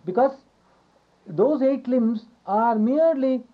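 A man giving a yoga philosophy lecture, repeating his phrases, asking rhetorical questions and chuckling softly now and then. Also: very high-pitched, animated, slow pace. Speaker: yoga teacher. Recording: dull lo-fi recording.

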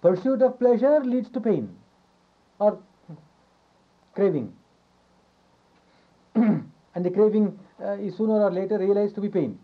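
A man giving a yoga philosophy lecture, repeating his phrases, asking rhetorical questions and chuckling softly now and then. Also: high-pitched, lively intonation, a little slow, pauses often. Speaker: yoga teacher. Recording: dull lo-fi recording.

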